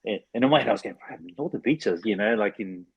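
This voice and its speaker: A former rugby league player from New Zealand, a man in his forties, is a guest in a podcast studio for a casual interview chat. His low, husky voice is expressive and fast, and he rambles in a laid-back way with plenty of fillers. The recording is dry and dull.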